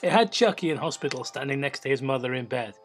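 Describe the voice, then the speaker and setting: A man's voice: medium pitch, lively intonation, quick pace, faint music behind. A man hosting a comedic show, reading a story aloud and stopping to mock its writing. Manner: reads aloud, breaks off to mock the text. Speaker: host reading stories aloud.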